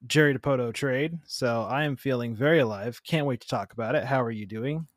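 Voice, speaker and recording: A man's voice: mid-range voice, fairly quick, dry recording. A man co-hosting a casual sports podcast, answering with dry, wry humor. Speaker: podcast co-host. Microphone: own podcast microphone.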